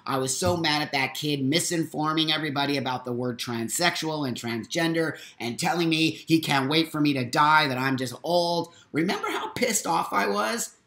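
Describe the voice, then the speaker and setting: A man's voice: fairly high pitch, bright, forceful tone, echoey room. A middle-aged man hosting a live stream, delivering an emphatic, profanity-laced, preachy monologue.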